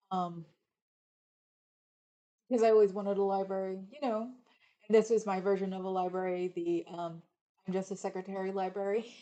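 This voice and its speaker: A middle-aged woman from California hosts a livestream, rambling casually and reading viewer comments out loud. Her voice is on the low side with a dark tone, and the recording quality is low.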